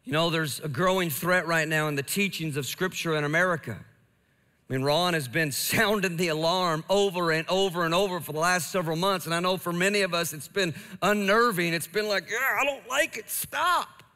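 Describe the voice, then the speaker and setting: A man's voice: fairly high pitch, steady tone, brisk, pushed and bright, smooth. A man preaching a sermon in a church, earnest and emphatic, building his points through repetition. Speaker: pastor. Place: church sanctuary. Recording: church hall reverb.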